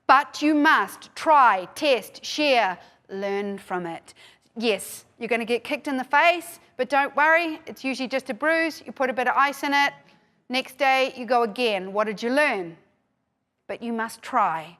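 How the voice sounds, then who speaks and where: A woman's voice: sits high, expressive, normal speed, bright, forceful tone. A middle-aged woman with a New Zealand accent gives an emphatic motivational conference talk from a stage, repeating her key phrases. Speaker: keynote speaker. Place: conference stage before a live audience.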